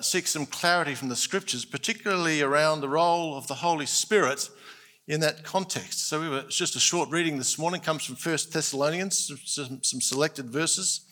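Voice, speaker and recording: A man's voice: fairly high pitch, pushed and bright. A man preaching a sermon, earnest and emphatic, stressing key points. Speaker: pastor.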